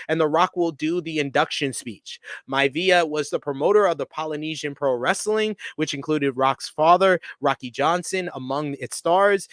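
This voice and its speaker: A man's voice: on the high side, fairly bright tone, dry recording. A man hosting a podcast, reading out wrestling news steadily with small stumbles. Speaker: podcast host.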